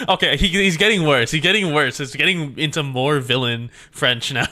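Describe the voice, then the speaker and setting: A man's voice: a little high, moderate pace, sharp tone. A male streamer chatting casually and laughing often while reading a game story aloud at his desk mic. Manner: laughs often, self-amused, rambling.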